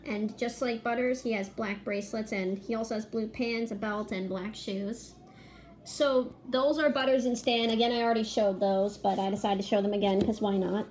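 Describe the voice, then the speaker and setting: A woman narrating a casual video in a chatty, excited way as she walks through her fan drawings one detail at a time. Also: medium pitch, moderate pace.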